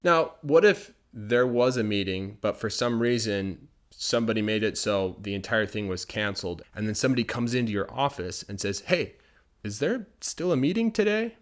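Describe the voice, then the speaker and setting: A young American man teaching English phrases, explaining patiently and slowing down to show pronunciation. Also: lowish voice. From United States. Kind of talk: bilingual teaching video.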